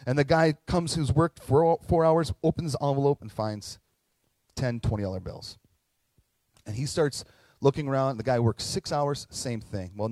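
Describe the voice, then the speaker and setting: A man preaching a sermon, telling a story in an animated, conversational way with frequent asides. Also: mid-range voice, no echo, rough recording. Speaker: pastor.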